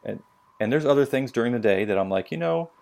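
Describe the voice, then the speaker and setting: Talking fast in a mid-range, darkish voice, a military veteran tells blunt, profane stories on a casual podcast, acting out what people said.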